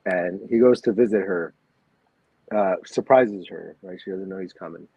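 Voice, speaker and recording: Husky low man on a phone-like line. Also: normal speed, no echo. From Puerto Rico, raised in Buffalo and Orlando. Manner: relaxed, laughs easily, reflective. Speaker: podcast co-host. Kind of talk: casual chat. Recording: phone-like lo-fi, dry.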